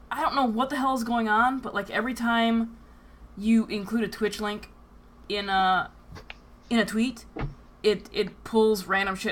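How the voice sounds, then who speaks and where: A woman's voice: medium pitch, fairly bright tone, slight background noise. A woman hosting a tabletop game stream as game master, chatting casually, often laughing and repeating words as she rambles.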